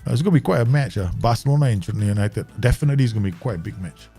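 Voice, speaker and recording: A man with a Southeast Asian English accent commentating live on his management game, chatty and quick to laugh as he talks to his viewers. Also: mid-range voice, animated, gravelly, mellow, husky, faint music behind. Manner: chatty, laughs easily, talks to himself and chat. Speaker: game streamer.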